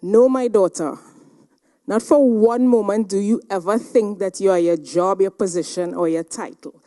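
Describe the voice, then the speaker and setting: A woman's voice: medium pitch, normal speed, warm tone, close to an everyday voice. A woman putting on the voice of a stern, commanding elder woman leader who scolds and demands answers. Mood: scolding.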